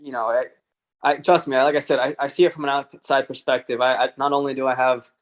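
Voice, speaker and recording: A man from Texas, a racer being interviewed, speaking in a hesitant, low-key way full of fillers. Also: fairly even intonation, quick pace. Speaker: motorcycle racer, guest. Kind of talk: casual podcast interview.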